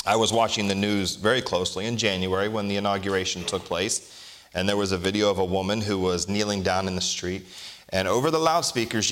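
A man preaching a sermon as a pastor, reading scripture slowly and deliberately and asking the congregation rhetorical questions in a conversational way. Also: fairly low pitch, fairly bright tone.

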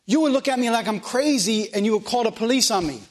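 A man's voice: very high voice, fast talker. A man preaching a sermon as pastor of a church, in plain country speech, asking the room question after question.

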